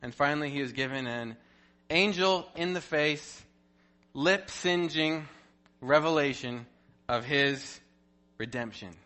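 A man giving a devotional Bible teaching, animated and playful, full of rhetorical questions and jokes. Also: fairly high pitch, slow pace.

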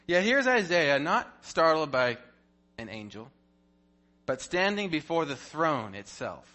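A man giving a devotional Bible teaching, animated and playful, full of rhetorical questions and jokes. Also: on the high side, a little slow.

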